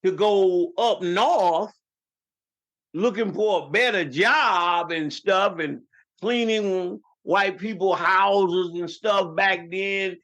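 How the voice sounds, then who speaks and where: This man speaks slowly in a high-pitched, slightly bright voice, and the recording's highs are cut off. In his fifties and from New York by his accent, he's a podcast guest whose casual family stories wander and restart frequently.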